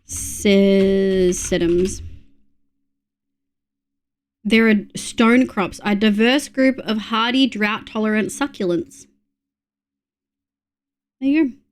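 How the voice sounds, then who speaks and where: A young adult woman with an Australian accent, chatting casually to her live-stream audience, reading things aloud and laughing often. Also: medium pitch. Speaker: livestreamer.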